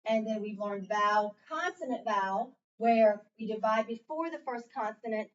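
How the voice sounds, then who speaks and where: A woman's voice: on the high side, normal speed, highs cut off. Woman teacher, distant classroom recording. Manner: patient, prompting with fill-in questions. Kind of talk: classroom phonics lesson.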